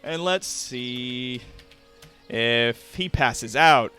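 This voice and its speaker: A man running a tabletop game as game master, narrating in an unhurried way, with lots of fillers and frequent laughter. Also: mid-range voice, pushed and bright, clear, resonant tone, soft background music.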